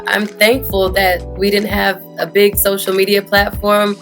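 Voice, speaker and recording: A woman's voice: mid-range voice, completely flat delivery, a little slow, a bit bright, faint music behind. Earnest woman tennis coach with a Houston accent. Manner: earnest, fillers like "you know" and "um". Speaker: high school tennis coach. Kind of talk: interview answers.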